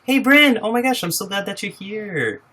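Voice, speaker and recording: A man's voice: sits high, big pitch swings, moderate pace, a bit bright, husky. A young man casually chatting on a live stream from home, bubbly, greeting viewers by name and laughing often, speaking into a laptop microphone. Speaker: livestreamer. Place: home, at a wobbly table.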